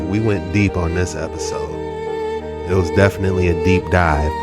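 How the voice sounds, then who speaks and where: A man with a somewhat low voice hosts a casual commentary on strange clips. He talks in a loose, slangy, rambling way, and faint music sits underneath. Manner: laid-back, slangy and rambling. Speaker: host.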